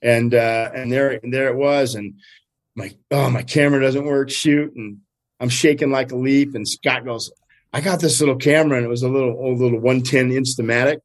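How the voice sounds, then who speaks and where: Older guy guide telling a fish tale, really animated, laughs a lot, mid pitch. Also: moderate pace. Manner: lively, acts out quotes with big pitch jumps, laughs often. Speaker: steelhead fishing guide, guest. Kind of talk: animated storytelling.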